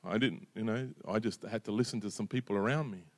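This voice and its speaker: A man's voice: on the low side, quick pace, no room sound. A middle-aged man preaching a sermon in a conversational way, often checking in with "right?" and "you know". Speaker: pastor.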